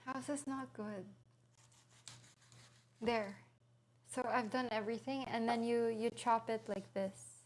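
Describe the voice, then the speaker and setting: A woman's voice: on the high side, steady tone, a little slow, pauses often, slight background noise. A woman streaming live from her home kitchen, chatting playfully while cooking and answering her chat aloud.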